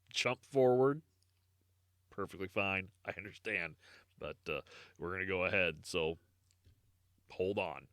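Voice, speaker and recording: A man's voice: medium pitch, fairly bright tone, dry recording, studio quality. Sombre man co-hosting a history podcast. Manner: sombre, apologetic reading of grim history. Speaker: podcast co-host. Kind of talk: casual true-crime podcast chat.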